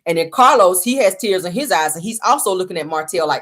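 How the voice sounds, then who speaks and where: A woman's voice: lowish voice, lively intonation, fast, few pauses, fairly bright tone. Woman chatting through a show recap. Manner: chatty, addresses viewers as y'all, retells quotes. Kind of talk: casual reality-show recap.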